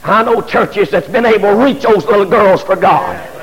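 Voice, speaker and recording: A middle-aged man, preaching an impassioned sermon as a pastor, rising to shouts and stumbling over repeated fillers. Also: high-pitched, normal speed, crowd noise. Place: church. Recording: long hall reverb.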